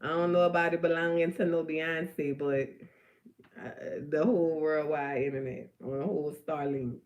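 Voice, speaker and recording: A woman from the New Orleans area with a New Orleans accent, talking in a rambling live-stream monologue. She is animated, swears, and swings from loud to hushed. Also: deep voice, normal speed, highs cut off. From New Orleans area, Louisiana. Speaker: livestream host.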